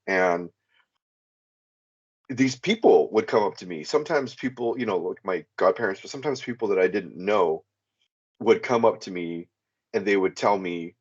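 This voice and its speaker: A man calling into a podcast, telling a long personal story in a rambling way, with many fillers. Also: sits low. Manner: rambling, frequent "you know" fillers. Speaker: podcast caller. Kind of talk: casual first-person storytelling. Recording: dull lo-fi sound.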